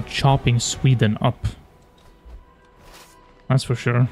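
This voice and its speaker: A young man casually commentating his strategy game, animated and taunting, swearing as he plays. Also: medium pitch, measured pace, soft background music. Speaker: gaming YouTuber.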